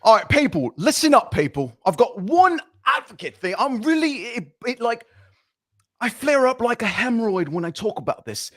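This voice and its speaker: A man's voice: very high-pitched, sing-song, moderate pace, voice pushed up, full character voice. A man putting on a British accent to play a brash figure lecturing people about being on time. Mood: scolding. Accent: put-on British. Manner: loud, scolding.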